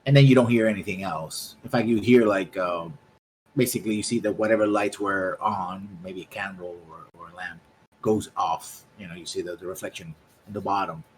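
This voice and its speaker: A man's voice: sits low, fairly even intonation, a little fast, a little hiss or hum, low-quality recording. A man running a tabletop game, describing scenes in a rambling way with many restarts. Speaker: game master.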